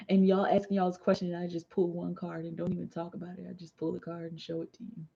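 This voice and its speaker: A slightly tipsy woman in her thirties chats loosely on a livestream, laughing between slangy, laid-back remarks as a tarot reader. Her voice is mellow and relaxed, and the audio comes through a little dull. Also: fairly low pitch, a little fast, creaky, husky. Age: 30s. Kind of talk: casual livestream chat.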